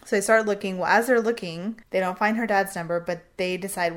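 A woman tells a true crime case to her co-host on a podcast. She talks in a relaxed, chatty way and slips into the voices of the people she quotes. Her pitch sits in an ordinary middle range. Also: fairly quick, hardly any pauses. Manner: animated retelling, acting out quotes with a Southern "y'all". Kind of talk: casual storytelling chat.

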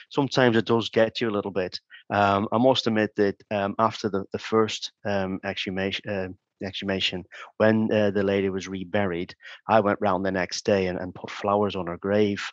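A man's voice: lowish voice, steady tone, normal speed, no room sound. A man and former crime scene investigator, talking casually in an interview, hesitant with many ums and restarts. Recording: dull, dry sound.

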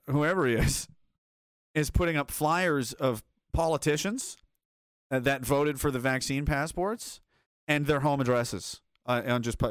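A man's voice: mid-range voice, dry recording. Rambling man, dry sound. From North America. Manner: rambling, profane, frequent chuckles and restarts. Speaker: streamer reading chat. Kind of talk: casual commentary.

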